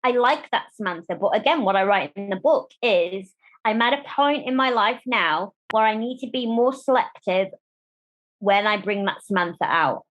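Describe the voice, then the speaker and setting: A woman's voice: medium pitch, normal speed. A woman from Germany, a guest on an interview show, talking candidly and with animation about her life. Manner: animated, chatty, acts out quoted voices. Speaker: guest, disability rights campaigner.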